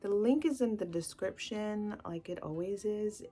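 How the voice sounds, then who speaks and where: A woman's voice: mid-range voice, a little slow, mellow. A woman book vlogger talking in a casual, gushing way, full of "like" fillers. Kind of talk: casual chatty book talk.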